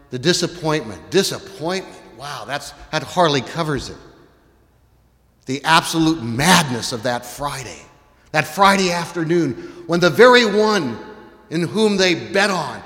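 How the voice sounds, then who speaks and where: A man preaching a sermon, retelling a story with animated, dramatic delivery. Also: a little high. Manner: animated storytelling, acts out voices, rises to shouts. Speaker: pastor. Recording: long reverb in a large hall.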